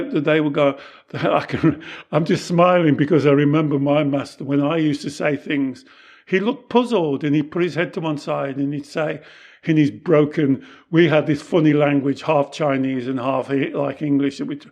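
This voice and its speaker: Earnest man explaining in a fairly high voice. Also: darkish tone. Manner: earnest and explanatory, acts out quoted lines. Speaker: Taoist teacher and podcast host. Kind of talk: casual teaching conversation.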